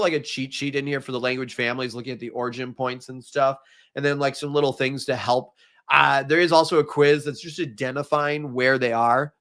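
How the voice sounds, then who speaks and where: A man from Minnesota with a Minnesotan accent, a teacher giving a chatty, energetic live exam review to viewers. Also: a little high. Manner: casual, chatty, energetic, talks straight to the viewers.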